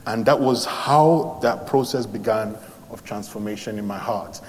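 A man from London telling his conversion story as a sermon testimony, animated, with many fillers and restarts. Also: medium pitch, normal speed, big-room sound, a little hiss or hum. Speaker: preacher giving testimony.

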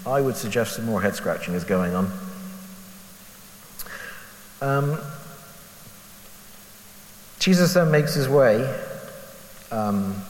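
A man's voice: mid-range voice, lively intonation, slow, pauses often, a little mellow. A man giving a candid, conversational Bible reflection as a lay preacher, asking himself rhetorical questions with self-deprecating honesty. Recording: echoey hall with faint hiss.

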